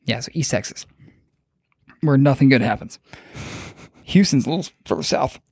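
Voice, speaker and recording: A man's voice: medium pitch, lively intonation, normal speed, creaky, darkish tone, slightly rough, no room sound, clean studio sound. A man hosting a podcast, retelling a story in loose, profane, joking chat. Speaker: podcast host.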